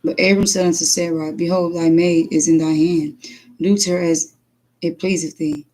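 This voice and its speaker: A woman's voice: fairly low pitch, moderate pace, rough recording. Emphatic woman preaching and telling stories. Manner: emphatic, lively storytelling with scripture. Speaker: preacher and livestream host. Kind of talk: scripture reading and casual testimony.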